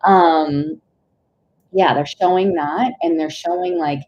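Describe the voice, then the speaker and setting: A young woman giving a live intuitive tarot reading, rambling and searching for words, with sudden excited outbursts and casual swearing. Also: lowish voice, slow pace, dull audio. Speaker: tarot reader.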